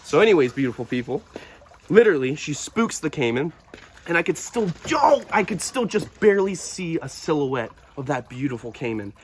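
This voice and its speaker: A young man hosting a wildlife vlog, his voice sitting a little high for a man. He tells his story in an animated, breathless rush. A faint hiss sits under the recording. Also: normal speed. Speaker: wildlife vlogger. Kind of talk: excited outdoor vlog storytelling.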